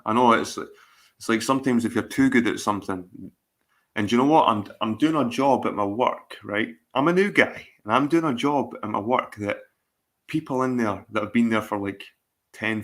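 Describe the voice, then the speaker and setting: A man's voice: on the low side, normal speed, fairly bright tone. A middle-aged Scottish man chatting casually on his livestream, rambling, swearing and repeating himself. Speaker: livestream host.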